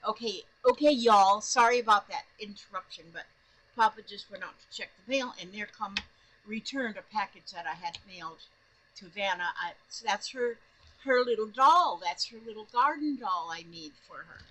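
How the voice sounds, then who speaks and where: Excitable husky-voiced woman vlogger. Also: mid-range voice, moderate pace, low-quality recording. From northern Minnesota, USA. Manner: excitable, rambling, full of restarts. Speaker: doll-making vlogger. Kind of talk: casual rambling chat to camera. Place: home in Florida.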